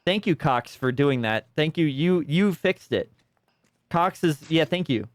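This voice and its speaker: A man's voice: on the high side, lively intonation, unhurried, no echo. A man streaming a detective game, rambling and sarcastic in casual commentary at a desk microphone.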